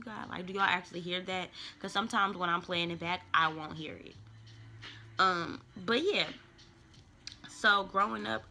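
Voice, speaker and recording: Young woman, tarot vlogger: low, crackly voice with a bright edge, slangy and rambling, talks straight to camera. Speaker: tarot reader and spiritual vlogger. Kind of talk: casual rambling smoke-session chat.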